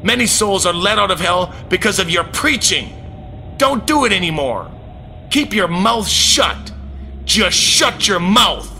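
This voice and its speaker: A man voicing Satan as a cruel, mocking male figure who speaks in slow, taunting threats. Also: high-pitched, sing-song, creaky, pushed and bright, a little hiss or hum, full character voice. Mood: threatening.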